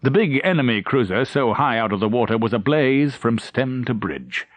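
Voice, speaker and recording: Man reading a novel with lively dramatic pitch. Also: moderate pace, no echo. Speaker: audiobook narrator. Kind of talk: scripted narration.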